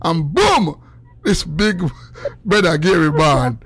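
Gravelly Jamaican man ranting on radio. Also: very animated, slow pace, slight background noise. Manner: swings between loud preachy shouting and low mumbled asides. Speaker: radio show host. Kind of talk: animated call-in radio rant.

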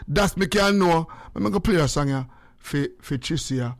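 A man's voice: on the high side, animated, moderate pace, no room sound, studio quality. An older man in his sixties with a Jamaican accent, hosting a radio show in rambling, jokey casual chat. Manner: rambling, jokey, repeats phrases. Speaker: radio host.

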